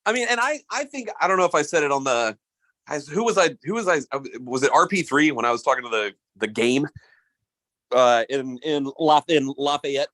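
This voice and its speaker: A man's voice: a little high, expressive, fairly quick, fairly bright tone, dry recording. A man co-hosting a podcast in casual sports chat, rambling and restarting his sentences, laughing often. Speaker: podcast co-host.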